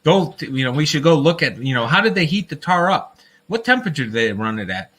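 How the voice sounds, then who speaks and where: Guy ranting on his livestream, bright punchy voice, rambles, laughs at his own jokes. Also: on the high side, big pitch swings, fast. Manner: addresses listeners as folks. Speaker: livestream host. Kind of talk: casual livestream rant.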